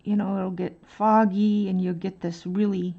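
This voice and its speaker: Gravelly woman chatting while coloring. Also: medium pitch, little pitch movement, moderate pace, muffled recording. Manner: rambling, soft-spoken, thinks aloud. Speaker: art live streamer. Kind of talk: casual chat while coloring.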